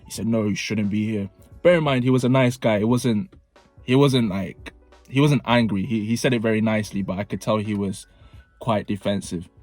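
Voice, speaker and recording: Man telling a lively story. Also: lowish voice, brisk, faint music behind. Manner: animated storytelling, acting out dialogue. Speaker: vlogger. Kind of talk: storytime narration.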